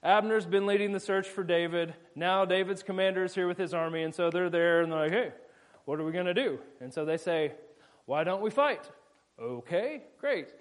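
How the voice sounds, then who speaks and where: A man preaching in a casual, jokey way, retelling a scripture story with quick voiced asides. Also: sits high, fairly even intonation.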